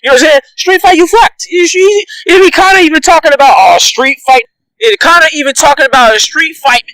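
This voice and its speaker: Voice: sits high, animated, a little fast, sharp tone, no echo, rough recording. A reaction vlogger giving heated, profane commentary, ranting with repeated emphatic jabs and frequent laughter.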